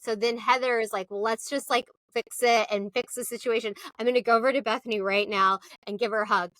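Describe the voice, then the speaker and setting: Woman, higher register, chatty co-host, mimics the people she quotes, dry close mic. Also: a little fast, hardly any pauses, no echo. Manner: animated storytelling, acting out quotes in exaggerated voices. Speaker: podcast co-host. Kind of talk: casual chat recapping reality TV.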